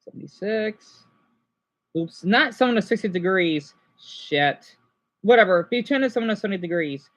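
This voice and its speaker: A man's voice: high-pitched, expressive, normal speed, fairly bright tone. A young man vlogging casually, rambling and interrupting himself while drawing a chart and airing complaints. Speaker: gaming vlogger.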